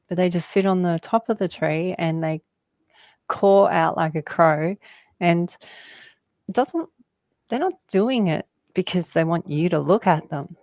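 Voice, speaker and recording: Slow-talking woman, dry sound. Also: fairly low pitch, darkish tone, no echo. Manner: slow, meandering storytelling with laughs. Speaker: guest. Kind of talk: spiritual conversation.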